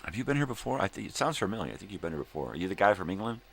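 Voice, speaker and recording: Very deep gravelly older man, laid-back. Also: very animated, rapid-fire, slight background noise. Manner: rambling, laid-back, laughs often. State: hungover. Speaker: livestream host. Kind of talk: casual chat to viewers.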